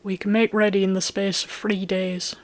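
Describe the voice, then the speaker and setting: A reader voicing a calm, cool-headed young squire. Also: medium pitch, natural voice. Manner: tranquil, measured, even. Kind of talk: audiobook character voice.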